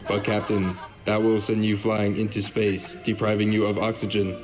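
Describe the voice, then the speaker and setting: A man voicing a calm spaceship computer, speaking in a formal, announcing way. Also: lowish voice, normal speed, natural voice. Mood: dutiful. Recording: music playing behind.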